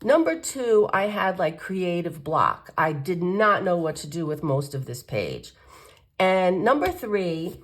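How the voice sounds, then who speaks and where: A woman's voice: fairly low pitch, expressive, a little slow. A woman with a stuffy, nasal voice from a cold talks to her viewers about her coloring. She rambles in a loose, chatty way, full of ums and self-corrections. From United States. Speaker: coloring channel host. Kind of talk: casual chat to camera.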